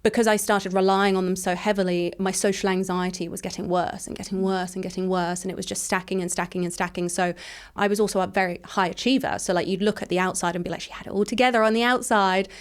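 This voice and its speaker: A woman in her thirties from England, telling her personal story as an interview guest in a frank, rapid way, full of "like" fillers. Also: fairly low pitch, level tone.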